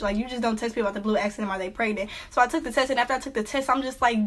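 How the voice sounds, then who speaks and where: A teenage girl casually telling a personal story to her viewers, full of "like" fillers and lively quoted reactions. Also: fairly high pitch, fast talker, hardly any pauses. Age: teens. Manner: chatty, lots of "like" fillers, animated quoting. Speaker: vlogger.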